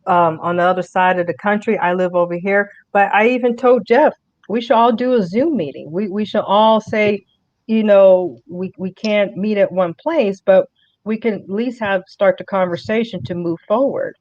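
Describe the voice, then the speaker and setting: A woman's voice: mid-range voice, normal speed, a little mellow, no room sound. A woman guest on a political podcast, talking earnestly in casual conversation and often repeating words as she restarts. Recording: muffled dry audio.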